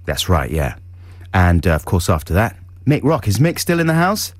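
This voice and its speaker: A man's voice: sits low, wildly swooping pitch, moderate pace, dry recording, studio quality. A man co-hosting a jokey radio show, telling rambling anecdotes and laughing along. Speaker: radio co-host. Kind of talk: jokey breakfast radio banter. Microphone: studio microphone.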